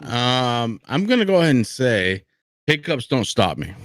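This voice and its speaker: A boisterous man co-hosts a rowdy livestream chat, drinking and teasing, his speech broken by hiccups. His pitch swings a lot and the sound is dry and close. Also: sing-song, unhurried, fairly bright tone, no room sound. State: has the hiccups. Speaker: show co-host.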